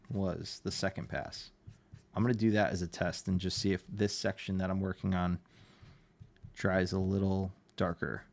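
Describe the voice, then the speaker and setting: Northeastern us guy streaming his art, low gravelly voice, chatty and easygoing. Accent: Northeastern American. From Connecticut, USA. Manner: chatty, reads chat aloud, laughs often. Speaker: livestreaming artist. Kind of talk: casual livestream chat while drawing.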